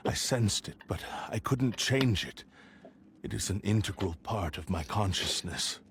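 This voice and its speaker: A low, grave voice belongs to an ancient sentient sword. It speaks slowly and solemnly in a hushed, breathy register, full of brooding despair. Faint ambience sits behind it in this video game scene. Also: male voice, animated, noisy background. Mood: anguished. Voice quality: hushed, whispery. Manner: slow, solemn delivery. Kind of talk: game voice acting.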